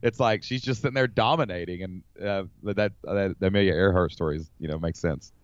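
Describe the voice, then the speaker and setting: A man from the United States, a podcast guest, telling a personal story in an animated, rambling way with lots of fillers. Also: sits low, brisk, clean tone, dry recording. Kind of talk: casual storytelling. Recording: slightly dull dry recording.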